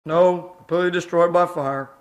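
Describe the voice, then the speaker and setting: A man's voice: sits high, steady tone, moderate pace, natural voice. A man's synthesized voice playing a pompous one-eyed fire station commander who demands respect. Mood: defensive.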